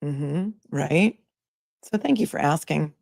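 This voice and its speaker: A woman's voice: sits low, lively intonation, slow, creaky, darkish tone, no echo. Chatty woman host, dry close sound. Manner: chatty, jokey, reads chat messages aloud. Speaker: host of a live trial commentary stream. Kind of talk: casual live-stream chat reading viewer comments.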